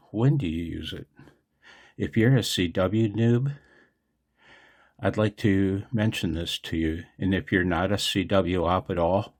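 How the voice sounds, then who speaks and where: A man's voice: deep voice, darkish tone, husky. A man in a casual, rambling vlog, explaining radio operating in a chatty, digressive way.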